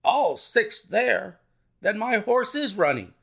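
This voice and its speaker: Guy reading a story doing a fussy old colonel, high voice, all worked up and exclaiming. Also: normal speed, creaky, full character voice. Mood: agitated. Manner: excitable, indignant, exclaiming. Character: agitated older male racehorse owner, a colonel.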